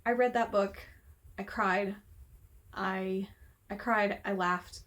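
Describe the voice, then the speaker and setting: In a casual vlog rant, a woman who reviews books speaks slowly with a steady, mid-range, slightly bright voice. She's exasperated and heated, cursing freely, filming in a room at home whose window is open.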